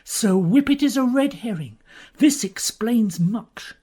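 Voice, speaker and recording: A woman's voice: fairly high pitch, animated, takes it slowly, warm tone, husky, heavily acted. A woman voicing a pompous, bumbling naval captain in a comedy audio play.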